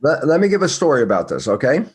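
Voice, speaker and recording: An older man speaks as a guest, with a husky, slightly breathy voice at a middle pitch. He drives his points home with rhetorical questions and makes big jumps in pitch for emphasis. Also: big pitch swings, quick pace, a little mellow. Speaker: guest, biologist and author. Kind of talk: animated storytelling in conversation.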